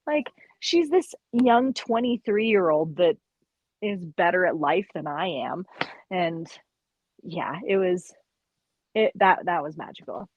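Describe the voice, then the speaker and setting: Lady midwife on a podcast, chatty and animated, dry close sound. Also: lowish voice, slow pace, no room sound, phone-quality sound. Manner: animated storyteller, quotes people in lively voices. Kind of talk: casual chat.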